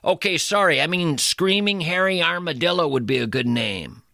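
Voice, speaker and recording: A male radio host doing a comic monologue with playful mock-outrage and drawn-out emphasis. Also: a little high, vocal fry, sharp tone, no echo, clean studio sound.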